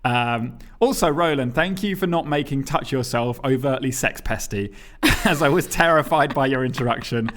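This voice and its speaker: A man co-hosting a podcast, reading listener emails aloud in casual chat, often laughing, with his pitch jumping around. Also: moderate pace. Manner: chatty and laughing, reads emails aloud with lively pitch jumps. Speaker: podcast co-host.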